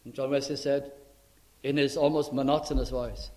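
A man preaching a sermon in a church, emphatic and dramatic, swinging between loud and soft. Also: mid-range voice, steady tone, moderate pace. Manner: emphatic, dramatic rises and drops in loudness.

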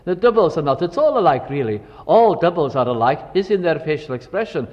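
A man's voice: fairly high pitch, sing-song, a little fast, darkish tone. An older man preaching a sermon, reflective and full of storytelling asides. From Wales. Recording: dull recording with long hall reverb.

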